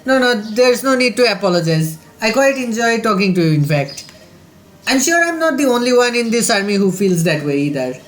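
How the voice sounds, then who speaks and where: A man voicing a modest, aging male army general in a game's dialogue, read in a gruff but kindly way. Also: high voice, very animated, fairly quick, a bit bright.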